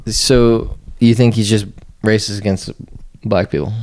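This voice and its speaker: A man's voice: fairly low pitch, fairly even intonation, measured pace, darkish tone. A man co-hosting a podcast in casual chat, giving short replies and cracking teasing jokes. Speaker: podcast co-host.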